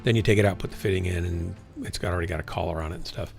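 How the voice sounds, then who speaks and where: An older man in his sixties with a low, gravelly voice rambles frankly through a casual stream chat. He keeps correcting himself and trailing off, with faint game music behind. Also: rapid-fire.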